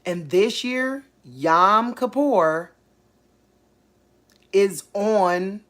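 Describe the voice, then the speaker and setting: A woman, hosting a casual faith channel, talking excitedly and thinking aloud, repeating herself as she works things out. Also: mid-range voice, drawn-out words. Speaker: online faith channel host. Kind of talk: casual livestream talk.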